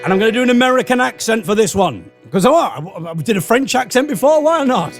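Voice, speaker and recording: A man's voice: very high-pitched, sing-song, quick pace, faint music behind. A man introducing a song at a benefit gig, in a rambling and jokey way with many ums and uhs. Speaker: folk singer at a benefit gig. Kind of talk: chatty song introduction between numbers.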